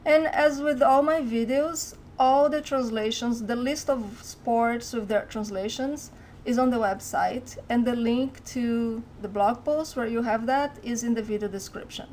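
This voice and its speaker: Brazilian woman, teacher, slightly high voice, clear careful delivery, faint room hum behind. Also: measured pace, a little mellow. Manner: clear, careful pronunciation drills. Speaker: Portuguese teacher. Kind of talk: language lesson to camera.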